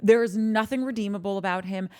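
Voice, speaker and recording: Jersey-raised woman podcast co-host, ranting hard about a reality show, mid pitch. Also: fast talker, smooth. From New Jersey. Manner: heated, ranting, animated storytelling. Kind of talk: casual reality-TV recap chat.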